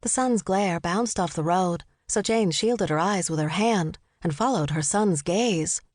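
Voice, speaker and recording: A woman narrating a cozy mystery audiobook in a measured, descriptive way. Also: lowish voice, darkish tone, dry recording. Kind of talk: scripted narration. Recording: dry studio close mic.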